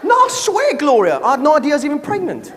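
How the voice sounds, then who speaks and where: A man voicing a gossipy, pregnant female giant panda who chatters defensively in quick denials. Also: very high voice, wildly swooping pitch, noisy background, exaggerated voice. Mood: protesting. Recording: live hall with audience laughter.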